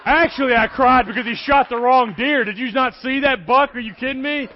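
A middle-aged man, preaching an energetic, folksy sermon in a church and joking with the congregation. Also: very high-pitched, fairly quick, dull audio. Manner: folksy, animated, joking with the crowd.

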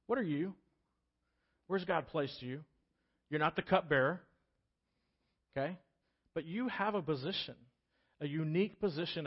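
A man preaching a sermon as pastor, acting out voices from the scripture story in an animated way. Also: sits high, dull audio. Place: church sanctuary.

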